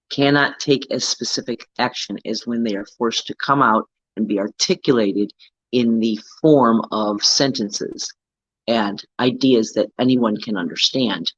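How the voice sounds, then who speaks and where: A man's voice: medium pitch, a bit bright, dry recording, highs cut off. A man hosting a casual self-help talk, coaching earnestly and often checking in with "right?". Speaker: host.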